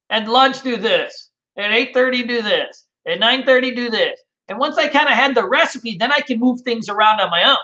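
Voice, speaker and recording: A man's voice: very high voice, sharp tone, muffled recording. A man hosting a casual trading webinar, answering viewer questions in a loose, rambling way with many fillers.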